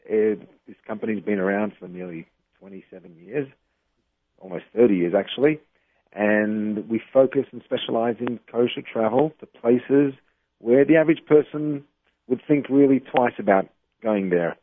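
An Australian-born man speaking as a phone guest, measured and explanatory with some fillers. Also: fairly low pitch, dry recording. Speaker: guest on phone, travel company owner. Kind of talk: phone interview. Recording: tinny phone line.

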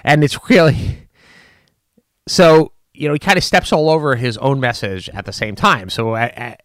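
A man talking through the political news in an unscripted commentary, leaning hard on his points and restarting sentences as he goes. His voice sits at an ordinary middle pitch. The sound is dry and close, with no room around it. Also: moderate pace, no room sound. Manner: animated, emphatic, with frequent restarts and fillers.

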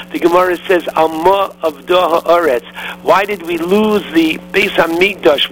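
A man's voice: a little high, fairly bright tone, low-quality recording. A man giving an earnest sermon as a rabbi, preacherly and rising on exclamations. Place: in Israel.

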